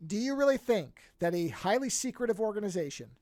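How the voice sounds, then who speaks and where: Speaking briskly in a mid-range voice with no echo, this podcast host gives a lively, casual recap of a TV series. The storytelling is animated, with character lines performed aloud and sentences often restarted and corrected partway.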